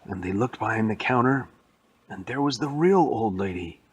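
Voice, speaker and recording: A man's voice: on the low side, lively intonation, normal speed, a little hiss or hum. A man casually making up a playful superhero story as he tells it aloud. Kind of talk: improvised story told to a child.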